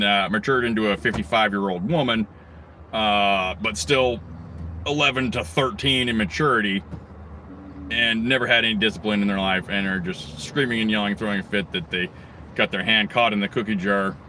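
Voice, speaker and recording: A man's voice: lowish voice, sharp tone, slight background noise. A man ranting on his own channel, rambling and swearing heavily, with mocking asides. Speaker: video blogger. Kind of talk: angry profane rant.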